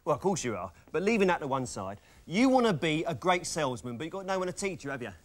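A man playing a smooth-talking salesman with deadpan asides in a sitcom. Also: a little high, fast talker. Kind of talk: sitcom comedy acting.

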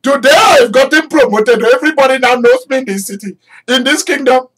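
A preacher voicing an overjoyed, newly promoted man, putting on an Indian English accent and exclaiming rapidly in disbelief. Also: husky, heavily acted. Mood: overjoyed, disbelieving. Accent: Indian English (imitated). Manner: rapid, exclamatory, high and excited.

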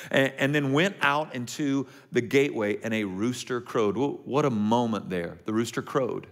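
A male pastor delivering a sermon in a loose, conversational manner, often checking in with the congregation. His voice jumps up and down as he acts out the lines he quotes. His pitch sits right in the middle for a man. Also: moderate pace, hardly any pauses. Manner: conversational and animated, checks in with listeners.

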